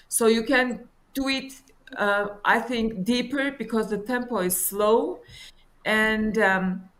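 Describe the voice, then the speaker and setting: A woman with gives piano feedback over a video call. Her pace is very slow and she pauses often to find her words. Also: a little high, rough recording. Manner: slow, searching for words, sings phrases. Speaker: music judge. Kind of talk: spoken feedback on a performance.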